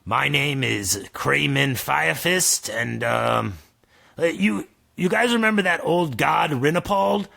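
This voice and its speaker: A man voicing a proud male swordsman who speaks in a halting, stumbling way. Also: fairly high pitch, expressive, creaky, sharp tone, dry recording, clean studio sound, pitched above the performer's own voice, heavily acted. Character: proud male swordsman, hesitant then boastful.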